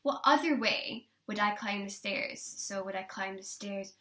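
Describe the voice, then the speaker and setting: A young woman teaching a singing lesson, encouraging her students and demonstrating warm-up lines for them to copy. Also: mid-range voice, measured pace, soft background music.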